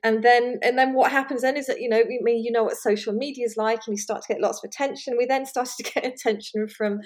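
A woman, a magazine editor, talking in a relaxed interview, laughing often and restarting her sentences. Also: a little high, quick pace. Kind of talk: conversational interview.

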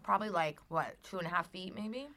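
Blunt woman with a bright, lower voice. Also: fairly quick. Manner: blunt, crude, laughing asides. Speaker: podcast co-host. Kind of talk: casual chat.

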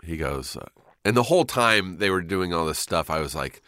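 Low-voiced man telling a story. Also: expressive, normal speed, bright, forceful tone, no echo. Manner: laid-back, swearing, acts out quotes. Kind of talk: casual chat, storytelling.

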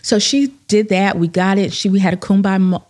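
Animated woman telling stories. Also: mid-range voice, fairly quick. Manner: animated storyteller, acts out quoted dialogue. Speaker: guest, life coach. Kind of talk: storytelling in podcast conversation.

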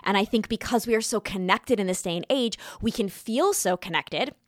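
A woman hosting a podcast, giving an earnest, animated monologue in a casual, conversational way. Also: medium pitch, normal speed, no room sound, clean studio sound. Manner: animated, earnest, talks with her hands. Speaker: podcast host.

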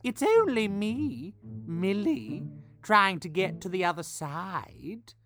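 A man voicing a small, clever female goat in a storybook, speaking high and pleading. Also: very animated, slow pace, over music, full character voice.

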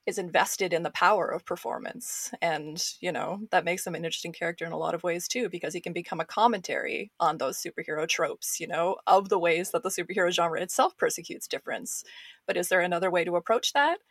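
A woman's voice: on the low side, quick pace, slightly rough, dry recording, clean studio sound. A woman speaking as a podcast guest, analysing comics with enthusiasm and many casual fillers.

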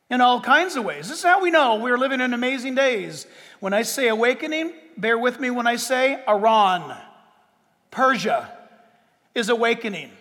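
A man preaching a sermon as pastor, emphatic, with dramatic pauses and sudden bursts of force. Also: very high-pitched, bright, forceful tone, long reverb tail.

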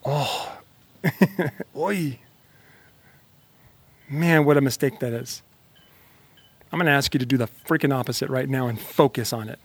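A man's voice: medium pitch, unhurried, pauses often, breathy edge, dry recording. A man giving an emphatic motivational talk straight to the listener, repeating phrases to build energy. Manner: emphatic, repetitive, fired-up; talks directly to the listener. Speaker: motivational speaker. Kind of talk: motivational monologue.

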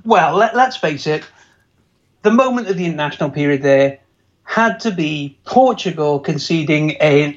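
Guy, fairly high voice, joking football podcast chat, laughs a lot, kinda dull lo-fi mic. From England. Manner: quick wit, laughs often, agreeable. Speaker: podcast co-host. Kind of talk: casual chat. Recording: dull lo-fi sound.

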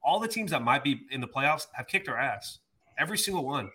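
A man's voice: medium pitch, sing-song, brisk, sharp tone, husky. A man ranting in exasperation on a sports podcast, swearing mildly. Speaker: podcast host. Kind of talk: casual sports talk.

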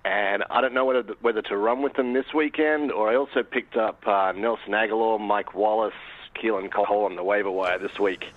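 A man's voice: lowish voice, steady tone, fairly quick, dry recording. A man from Australia with an Australian accent, calling into a radio show in an easygoing way with some hesitant fillers. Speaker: caller. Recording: tinny phone line.

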